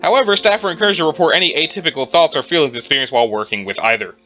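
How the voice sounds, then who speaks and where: A man's voice: fairly high pitch, very fast, pushed and bright. A man, the host, reading horror entries aloud with chatty asides and a slightly strained throat. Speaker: reader and host. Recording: dull lo-fi with music behind.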